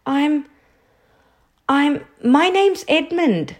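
A woman's voice: mid-range voice, expressive, takes it slowly. A woman voicing an awkward, sulky young schoolboy in a raised, pleading boyish tone.

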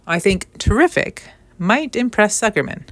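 A woman voicing a wise, composed female barn spider in a storybook reading, speaking crisply and with command. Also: medium pitch, expressive, normal speed, a bit bright, no echo, lightly acted. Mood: brisk, matter-of-fact. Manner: crisp and commanding, precise wording.

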